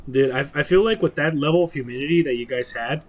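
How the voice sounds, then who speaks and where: A man's voice: a little high, quick pace. A young man co-hosting a podcast, joking and swearing casually. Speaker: podcast co-host. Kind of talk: casual chat.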